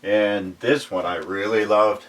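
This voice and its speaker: A middle-aged man chatting casually and showing off his collection in a record shop, relaxed and chuckling now and then. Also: on the low side, distant mic. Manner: relaxed, unhurried, chuckles while recalling. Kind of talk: casual chat.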